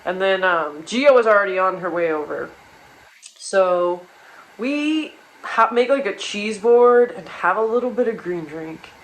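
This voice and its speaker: A young woman spins a chaotic personal anecdote for laughs, swearing freely and doubling back on herself constantly. Her pitch sits in an ordinary middle range, and the telling is loose and conversational. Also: animated, a little slow, rough recording. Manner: rambling, profane, many restarts and asides. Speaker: storyteller. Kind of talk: casual comedic storytelling.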